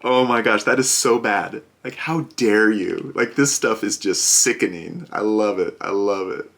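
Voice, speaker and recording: A man's voice: fairly low pitch, unhurried, vocal fry, a bit bright. A man hosting a board game video, chatting casually and sarcastically with lots of fillers and restarts. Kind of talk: casual product review chat.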